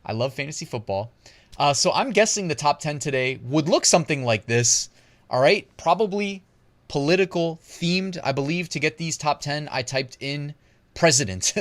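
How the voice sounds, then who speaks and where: A man hosting an online business channel, talking through screen research in a chatty way, laughing at himself and thinking aloud. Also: fairly high pitch. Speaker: host.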